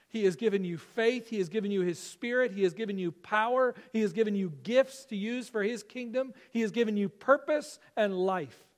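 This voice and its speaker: A man preaching a Sunday sermon as pastor, earnest and emphatic, slowing down to stress key phrases. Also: high voice.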